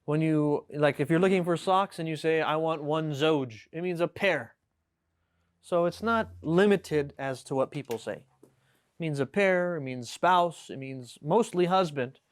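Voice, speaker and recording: A man teaching a live class, with a fairly high voice. He explains each word patiently, often stopping to ask "right?", and reads the example sentences aloud. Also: unhurried, clear, resonant tone. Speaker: Arabic teacher. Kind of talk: classroom lesson. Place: classroom with students.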